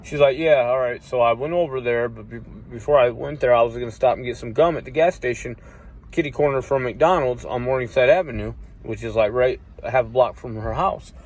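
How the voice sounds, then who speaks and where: A man's voice: medium pitch, fairly quick. Profane rambling man telling a story. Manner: profane, rambling, acts out quoted voices loudly. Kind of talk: casual storytelling.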